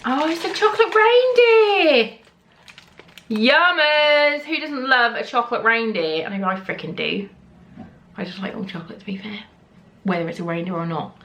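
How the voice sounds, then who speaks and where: An excitable British woman talks through a gift unboxing in her home kitchen, gasping, squealing and swearing freely. Her voice has a bright, sharp edge and sits at an ordinary pitch for a woman. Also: a little fast, vocal fry, slight background noise. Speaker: vlogger. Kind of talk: casual unboxing vlog.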